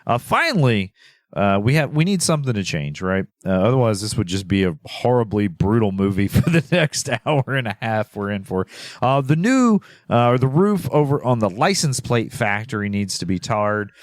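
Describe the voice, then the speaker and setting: A man co-hosting a podcast talks through a film's plot in a relaxed, rambling way, dotting his speech with "uh" and "um." His voice sits on the low side. The close microphone sounds dry, with no room echo. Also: moderate pace. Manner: rambling with many fillers and laughs. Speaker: podcast co-host. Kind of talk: casual film recap chat.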